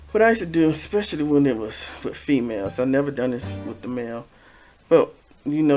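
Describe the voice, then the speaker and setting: A man talking casually to camera, giving repetitive, gently preachy life advice as a vlogger. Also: medium pitch.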